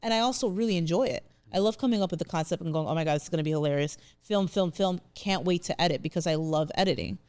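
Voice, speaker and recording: A woman's voice: fairly low pitch, quick pace, hardly any pauses, darkish tone, no room sound. A young woman comedian talking casually in an interview, chatty and open. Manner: chatty, emotional, laughs through tears.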